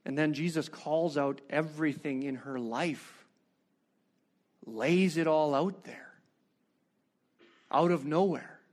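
High-voiced man preaching with animated questions. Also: slow pace, long pauses. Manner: animated storytelling with rhetorical questions. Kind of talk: sermon.

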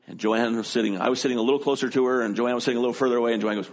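A middle-aged male pastor delivers a sermon, weaving a personal story into his teaching. He speaks in an earnest, conversational way at an ordinary pitch for a man, like someone talking to a congregation he knows. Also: steady tone, rapid-fire, few pauses.

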